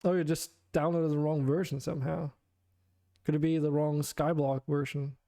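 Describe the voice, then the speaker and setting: A man's voice: a little high, flat delivery, moderate pace, dark tone, dry recording, studio quality. A man streaming a game, chatting casually with viewers in a chatty, self-deprecating way and laughing often. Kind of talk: casual live-stream chat.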